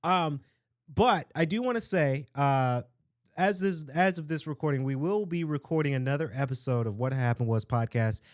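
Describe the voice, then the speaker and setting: A man hosts his own podcast in a loose, rambling way, full of shout-outs and hype-man catchphrases. His voice sits a little on the high side and sounds slightly strained from shouting. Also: moderate pace. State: throat a bit strained from shouting. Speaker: podcast host. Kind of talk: casual solo podcast talk.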